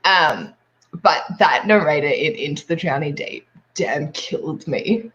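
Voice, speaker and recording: A hoarse Australian woman hosting a casual livestream chat, trailing off as she looks for words. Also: deep voice, animated, measured pace, fairly bright tone, lo-fi sound, a little hiss or hum. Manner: rambling, trailing off. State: hoarse from coughing. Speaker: livestream host.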